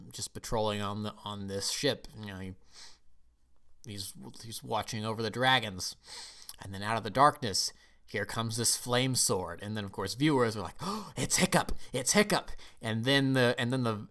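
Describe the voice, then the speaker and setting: A man's voice: lowish voice, pushed and bright. A man from the United States giving a casual, rambling film review vlog, often emotional and restarting his sentences.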